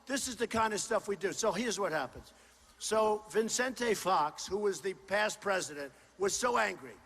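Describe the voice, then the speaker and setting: A man with a high, bright voice delivers a campaign rally speech through a stage microphone. He talks in punchy, repetitive, boastful bursts and often shouts to the crowd. The sound carries a long reverb from a large indoor hall, with a faint wash of crowd noise underneath. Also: lively intonation, moderate pace, creaky, slightly rough. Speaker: political candidate. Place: large indoor university venue.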